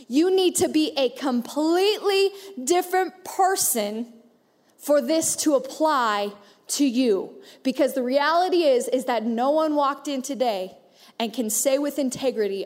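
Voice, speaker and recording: A woman in her thirties preaching a sermon in a church auditorium, playful and joking with the congregation. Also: high voice. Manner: playful, joking, animated asides. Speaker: pastor. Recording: reverberant church hall.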